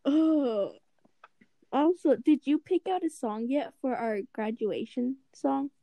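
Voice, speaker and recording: A young adult podcast co-host chats and tells stories with plenty of laughter, giggly and animated. Her voice is high-pitched, slow, and gravelly, in a dry, lo-fi recording.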